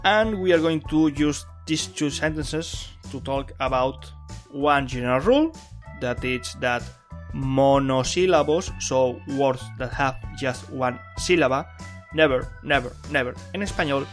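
A man hosting a beginner Spanish podcast, explaining grammar in a lively, emphatic way and repeating key words for stress. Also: medium pitch, unhurried, faint music behind. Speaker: Spanish teacher and podcast host. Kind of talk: bilingual language lesson.

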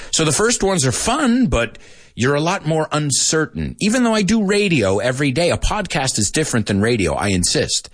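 A man hosting a casual podcast lesson for learners from a studio microphone, chatty and lively, slipping into Spanish to explain words. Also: medium pitch, no echo. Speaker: English teacher and podcast host. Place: radio studio.

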